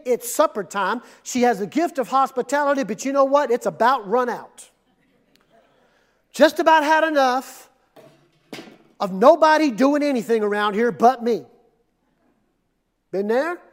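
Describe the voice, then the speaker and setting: A male pastor delivering a sermon in a church auditorium. His voice sits high for a man, and his manner is conversational and animated, drawing the congregation in with questions. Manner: conversational, animated preaching, asks the crowd. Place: air-conditioned church auditorium.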